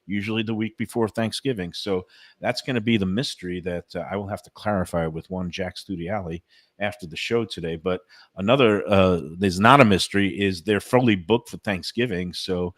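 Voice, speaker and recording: A lower-pitched man hosting a food talk show, enthusiastic and chatty as he hands out dining tips. His voice sounds dry and close, with little room sound. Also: brisk, a bit bright, no room sound. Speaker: food radio host. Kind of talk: casual food talk and read ads.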